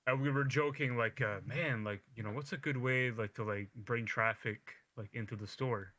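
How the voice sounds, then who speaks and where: A man's voice: medium pitch, fairly even intonation, normal speed, pushed and bright, no room sound. A man in casual podcast chat, telling stories in a laid-back way with lots of fillers. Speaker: podcast co-host.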